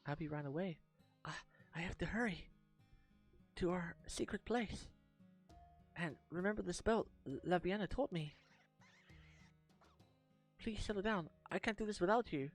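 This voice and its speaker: Brief: male reader doing a timid, desperate girl, raised pitch, soft music faintly under. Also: moderate pace, long pauses. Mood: anxious. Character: frightened young girl praying in secret.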